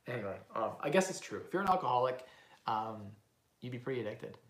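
A man's voice: medium pitch, expressive, fast talker, a bit bright. A young man hosting a livestream, rambling self-assuredly through questions with many fillers and restarts. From Canada. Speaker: livestream host, real estate investor. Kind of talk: casual livestream chat with live Q&A. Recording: roomy echoey room.

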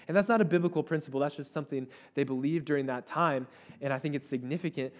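A man preaching a sermon, telling a story in an animated way with playful asides. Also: fairly high pitch, fast talker. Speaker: pastor.

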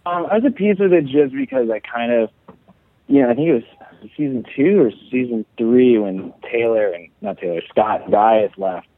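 A man's voice: mid-range voice, expressive, moderate pace, no echo. A man from Chicago, an actor being interviewed, talking casually and rambling with lots of fillers and restarts. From Chicago, USA. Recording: dry, tinny phone-like audio.

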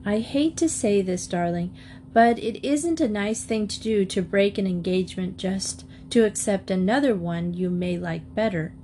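Woman doing a calm mom, slow and careful, like a bedtime story. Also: medium pitch, slight background noise, close to an everyday voice. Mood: gentle. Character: gentle, measured mother Mrs Porter.

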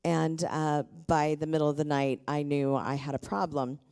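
A middle-aged woman pastor preaching a sermon from a church stage, leading the congregation in call-and-response, her voice a little deeper than usual. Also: little pitch movement, normal speed, a little mellow, smooth. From Tacoma, USA.

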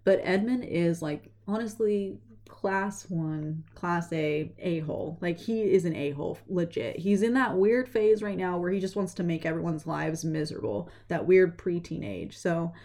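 A young woman casually retelling a story, chatty and animated, slipping into quick voices for the characters. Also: fairly low pitch.

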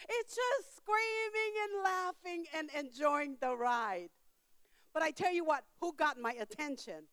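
An older woman preaches a sermon in church, telling a story in simple, non-standard grammar, alternating emphatic outbursts with quiet asides. Her voice is a little high, and there's no room sound.

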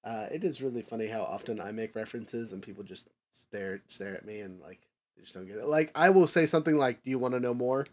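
A man hosting a casual discussion podcast, rambling with lots of fillers and restarts, nerdy and quick to chuckle at his own tangents. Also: lowish voice, expressive, a little mellow. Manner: rambling, filler-heavy, self-correcting. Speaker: podcast host.

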